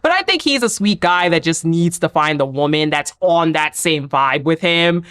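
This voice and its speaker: A young woman giving a casual recap of a reality dating show, animated and chatty, often answering the cast in quoted asides. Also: deep voice, moderate pace, clean tone. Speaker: TV recap reviewer.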